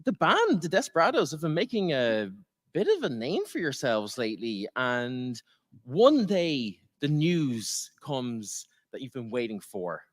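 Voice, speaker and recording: A man's voice: medium pitch, big pitch swings, measured pace. An Irish man acting as dungeon master for a live tabletop game podcast on stage in a convention auditorium, playful and laughing with the crowd.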